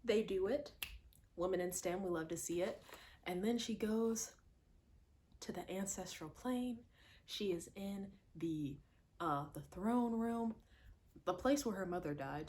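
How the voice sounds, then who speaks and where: Animated woman reacting to a movie. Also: lowish voice, normal speed, a little hiss or hum. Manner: animated and emphatic, repeats lines for effect. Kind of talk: casual movie reaction monologue.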